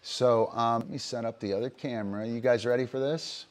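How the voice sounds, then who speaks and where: A man's voice: medium pitch, fairly even intonation, a little fast. A man livestreaming as a dog trainer, explaining his methods casually with frequent fillers and "right?" checks.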